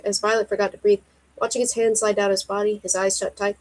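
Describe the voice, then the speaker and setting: A woman reading her own romance story aloud in a steady, even voice. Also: medium pitch, fast, poor audio.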